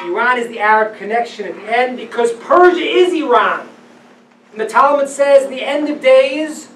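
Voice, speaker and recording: A man teaching as a rabbi, giving a lecture on religious texts to a live audience. He speaks with animated emphasis, dropping to hushed tones and then rising to loud declarations. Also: sits high, slight background noise. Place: event hall with audience. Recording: roomy, distant live-event recording.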